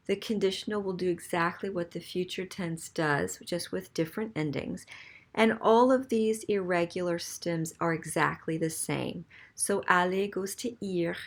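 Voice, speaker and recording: Patient woman teaching a grammar lesson. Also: fairly low pitch. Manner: patient, explains step by step with frequent "okay?". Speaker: French teacher.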